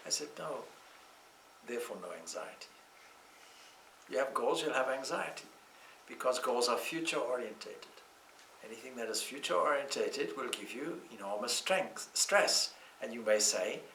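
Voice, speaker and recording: A man teaching scripture to a class, speaking calmly and reflectively, with slow, deliberate phrasing and everyday anecdotes. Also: fairly low pitch, gravelly, recorded from a distance, slight background noise. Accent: Irish. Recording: echoey room, speaker off-mic.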